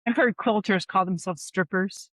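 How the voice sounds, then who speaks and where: A woman's voice: medium pitch, normal speed, fairly bright tone, dry recording. A woman hosting a podcast, asking curious, playful questions and laughing along with her guest. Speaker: podcast host. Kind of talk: casual interview chat.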